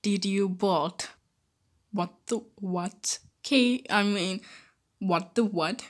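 A woman playing through a mobile game while voicing bickering cartoon characters, often giggling. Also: medium pitch. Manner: giggly, bickering, slow-spoken. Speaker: game video maker voicing her characters. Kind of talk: playful role-play over gameplay.

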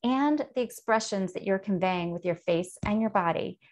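A woman's voice: mid-range voice, normal speed, darkish tone. A woman hosting a show, explaining a tip to camera in an earnest, instructive way. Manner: earnest, explanatory, demonstrates tones of voice. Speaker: host.

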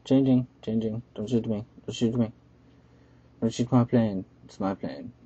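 A man's voice: lowish voice, steady tone, a little slow, warm tone, breathy edge. A man doing casual gameplay commentary, playful, talking to the enemies in the game, recorded on a webcam microphone. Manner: playful, chants repeated words while playing. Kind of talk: casual let's-play commentary. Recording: dull lo-fi webcam mic.

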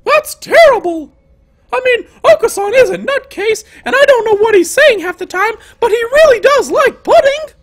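A man voicing a panicked young male pigeon student, reading game lines in a high, shouting, frantic voice. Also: animated, moderate pace.

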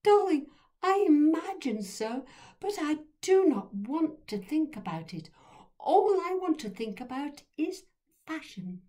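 A woman's voice: big pitch swings, slow, mellow, heavily acted. Woman putting on a gushing posh aunty. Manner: high, gushing, affected posh voice. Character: posh fashionable aunt, middle-aged woman, fussy.

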